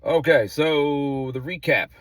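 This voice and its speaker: A man hosting a comedy web show, teasing and fast, pitching his own services between comic bits. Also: dry recording. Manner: fast, jokey, teasing, self-promoting. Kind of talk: comedic host banter and mock ads.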